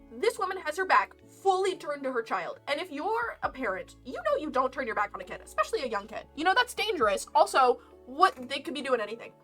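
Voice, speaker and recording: Woman streamer, high bright voice, animated storytelling over soft lo-fi music. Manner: animated, laughing often, mock exasperation. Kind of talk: casual storytime chat. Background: lo-fi game music.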